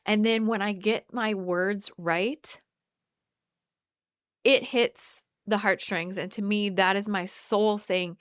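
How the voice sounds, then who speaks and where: A woman hosting a solo wellness podcast, talking in an earnest, halting way with many restarts. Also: medium pitch, steady tone, fairly bright tone, clean tone, no room sound, clean studio sound. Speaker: podcast host. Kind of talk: reflective solo podcast monologue.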